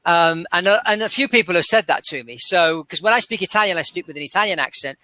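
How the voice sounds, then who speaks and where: A man's voice: high voice, animated, fast talker, bright, forceful tone, no echo. A man with an English accent chatting casually as an interview guest, thinking aloud and restarting his sentences. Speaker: interview guest, aircraft dealer. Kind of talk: casual chat.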